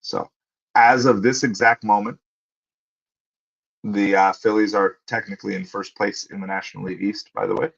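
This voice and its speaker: Guy with a lowish voice chatting on his stream, answering chat, kinda dull lo-fi audio. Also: flat delivery, vocal fry, a bit bright. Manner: conversational, thinks aloud, pauses with fillers while looking things up. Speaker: livestream host. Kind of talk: casual livestream chat answering viewers.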